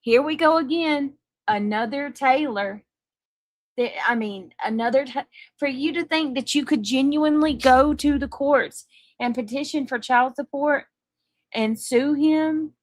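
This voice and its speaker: A woman's voice: high-pitched, a little slow, no room sound. Incredulous woman host reacting. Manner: exclamatory, incredulous. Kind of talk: live reaction commentary.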